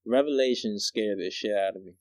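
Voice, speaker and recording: Young guy on a podcast, slangy and animated, laughs a lot, dry close mic. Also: on the low side, fairly quick, no room sound. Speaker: podcast co-host. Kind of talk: casual chat.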